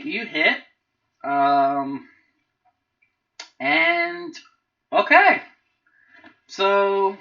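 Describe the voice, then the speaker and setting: A game master narrating a tabletop game with lots of halting restarts and fillers, on a dull lo-fi recording. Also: mid-range voice, vocal fry, pushed and bright.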